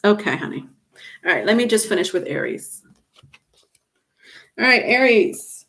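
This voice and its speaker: A woman's voice: mid-range voice, expressive, measured pace, fairly bright tone. A woman reads tarot on a live stream in a mid-range voice. She talks casually and turns to viewers by name. Her pace is loose and conversational. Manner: chatty, answers viewers by name. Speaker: tarot reader.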